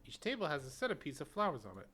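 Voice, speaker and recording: A woman's voice: sits low, big pitch swings, racing, fairly bright tone. A woman streamer reading a video game's story aloud in a casual way. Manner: casual, reads story text then chats. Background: faint game music.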